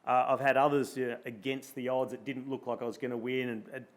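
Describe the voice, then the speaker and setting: Animated Australian man telling a race story. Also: medium pitch, a little fast. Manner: animated storyteller, acts out his own thoughts in quoted asides. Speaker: guest speaker, former pro cyclist. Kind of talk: storytelling in a live interview. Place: luncheon event room.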